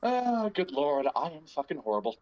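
A man's voice: a little high, sing-song, normal speed, darkish tone, dull audio. A man hosting a podcast, rambling and joking crudely in casual banter. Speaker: podcast host.

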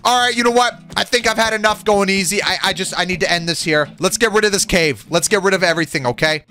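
A young man giving excited, giggly commentary over his gameplay, exclaiming often. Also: high-pitched, fast talker, soft background music. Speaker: gaming video creator.

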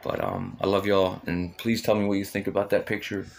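A man's voice: low-pitched, very animated, fairly quick, vocal fry, darkish tone, a little hiss or hum, low-quality recording. A man in his thirties, shaken and upset, rambling through a retelling of a dream with many ums and restarts. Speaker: vlogger recounting a dream. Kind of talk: casual spoken storytelling.

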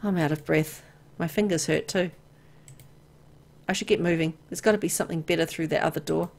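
A young woman reading a visual novel aloud, playing its heroine in a hushed, eerie way and jumping up loudly when startled. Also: low-pitched, fairly even intonation, fairly quick, vocal fry. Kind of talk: dramatic horror story reading.

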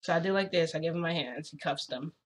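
A young woman casually telling a story as a vlogger, chatty and excitable, often saying "freaking". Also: sits low, fast, breathy edge.

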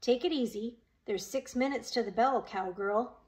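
A woman's voice: a little high, normal speed, close to an everyday voice. A woman voicing a tall, tough schoolgirl who speaks snidely and threateningly.

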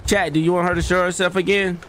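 A man's voice: high voice, flat delivery, fast talker, fairly bright tone, slight background noise. A young man streaming a horror game, jumpy and exclaiming as he talks to his chat. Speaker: gaming streamer. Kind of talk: live horror game commentary.

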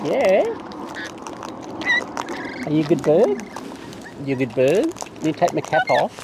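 A man's voice: on the high side, wildly swooping pitch, moderate pace. Sing-song Australian man coaxing birds. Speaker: bird feeder filming wild birds. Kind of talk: casual coaxing talk to birds. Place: outdoors among wild birds. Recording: noisy outdoor recording with birds. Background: bird calls and outdoor sounds.

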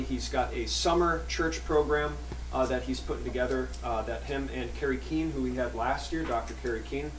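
A man's voice: mid-range voice, background noise. A man introducing a guest speaker at church in an informal, hesitant way, with many fillers. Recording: echoey room, distant mic.

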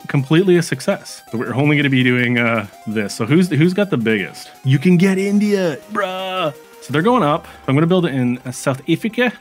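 A man's voice: mid-range voice, big pitch swings, fast, hardly any pauses, faint music behind. A man casually commenting on his strategy game stream, chatting with viewers and reacting as he goes, with frequent fillers and restarts.

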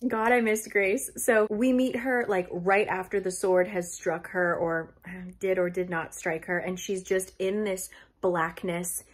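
A woman's voice: medium pitch, fairly even intonation, a little slow, hardly any pauses. A young woman chatting casually as she recaps a novel, swearing and laughing often. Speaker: book youtuber.

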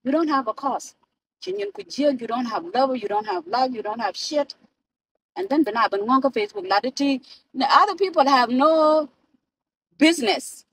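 A woman's voice: high voice, expressive, moderate pace, slightly rough, poor audio. A South Sudanese woman in a car, ranting and swearing into her phone camera, switching between languages. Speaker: vlogger. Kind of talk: profane ranting vlog.

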